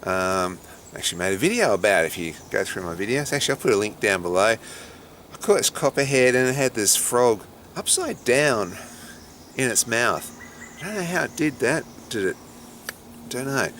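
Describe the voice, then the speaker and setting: A man's voice: on the low side, a bit bright, slight background noise. A middle-aged man with an Australian accent, a snake handler giving chatty, dry vlog commentary.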